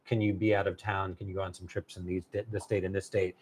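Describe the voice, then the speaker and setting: A man, a novelist, telling a long story in casual conversation, animated and halting with many fillers and restarts. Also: low-pitched, husky. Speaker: novelist guest.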